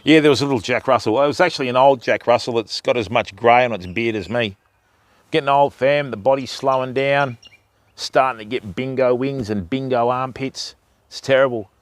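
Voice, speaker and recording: A man's voice: mid-range voice, moderate pace, no echo. An older man with an Australian accent, hosting a fishing livestream in casual, rambling chat with jokes and the odd swear, outdoors by a river. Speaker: fishing channel host.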